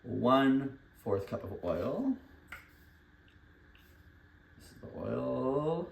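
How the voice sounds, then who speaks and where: A man's voice: mid-range voice, sing-song, very slow, gravelly, a little hiss or hum. A young man vlogging while baking at home, talking candidly and rambling, laughing often and swearing casually. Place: home kitchen, indoors. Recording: echoey room, distant mic.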